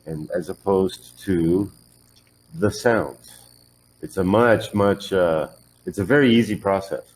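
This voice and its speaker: A man's voice: sits low, slow, a little mellow, a little hiss or hum, low-quality recording. A man teaching English pronunciation one on one, patiently modelling words and correcting the learner's drills.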